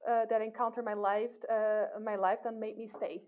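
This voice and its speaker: A woman academic being interviewed, talking in a thoughtful, relaxed way with many fillers and restarts. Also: mid-range voice, moderate pace, a little hiss or hum. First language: not English. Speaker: assistant professor, guest. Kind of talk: casual interview talk. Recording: tinny phone-like line.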